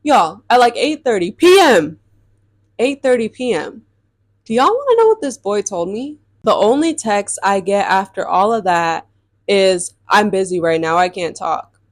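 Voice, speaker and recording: A woman's voice: medium pitch, unhurried, no echo. Young woman, chatty storytime vlog, talks straight to viewers, dry close sound. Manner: chatty, addresses viewers as y'all, animated retelling. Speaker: storytime vlogger.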